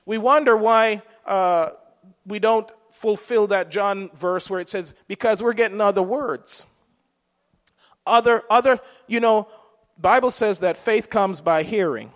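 A man's voice: high-pitched, measured pace, in a large hall. A man preaching a sermon in a conversational way, asking his listeners rhetorical questions.

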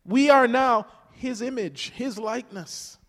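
An older man with a high voice preaches a sermon, emphatic and calling out to his congregation. He swells and drops between loud and soft. His words ring out with a long reverb through a church hall. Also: a little slow. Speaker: pastor.

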